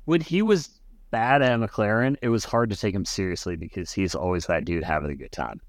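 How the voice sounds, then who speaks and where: A man's voice: on the low side, a little fast, no echo, clean studio sound. A man co-hosting a racing podcast in an easygoing, thoughtful casual chat. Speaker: podcast co-host.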